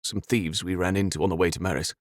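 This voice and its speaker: A man's voice: sits low, steady tone, fast talker, no echo, clean studio sound, natural voice. A male narrator voicing a determined teenage boy hero who speaks in an urgent way. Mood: worn out.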